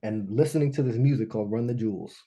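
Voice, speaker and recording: Warm-voiced man telling a personal story. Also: lowish voice, quick pace. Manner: animated, keeps checking in with "right?". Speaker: speaker at a business launch event. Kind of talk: personal storytelling talk to a live audience.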